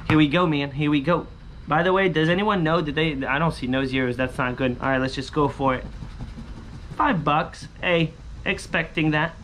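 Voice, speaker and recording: A young man chatting through a scratch-off lottery vlog, repeating catchphrases and breaking into high excited yells. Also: moderate pace, a little hiss or hum. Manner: bursts into high shouts and sing-song yells when winning; chatty, repeats catchphrases like "holy smokes" and "booyah". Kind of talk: casual excited vlog commentary.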